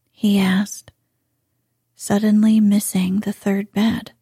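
A woman reading a bedtime story aloud in a soft, hushed, drawn-out delivery. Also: on the high side, breathy edge, dry recording, studio quality.

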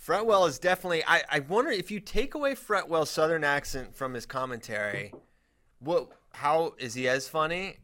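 A man hosting a podcast in casual, joking chat that grows loud when he gets excited. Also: a little high, normal speed. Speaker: podcast host.

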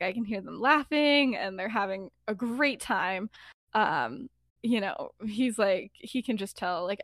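A woman's voice: medium pitch, no echo, studio quality. A young woman co-hosting a casual podcast, rambling and giggling through a fan story with lots of fillers.

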